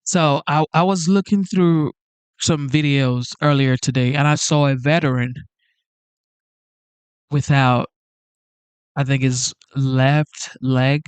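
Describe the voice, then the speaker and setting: A man's voice: mid-range voice, fairly even intonation, slow, pauses often, clean tone, dry recording. A man hosting a live stream, reading viewer messages aloud and talking earnestly and emotionally, repeating himself. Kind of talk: casual live-stream chat reading super chats.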